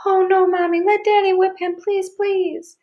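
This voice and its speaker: A woman's voice: flat delivery, a little slow, dull audio. A woman doing a sobbing, pleading little girl. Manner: high and pleading.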